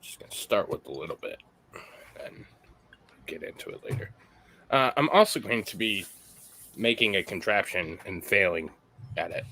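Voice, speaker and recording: Lively, bright-voiced man hosting a chat. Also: low voice, normal speed, long pauses. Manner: jokey, teasing, swears casually. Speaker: host. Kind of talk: casual chat while building.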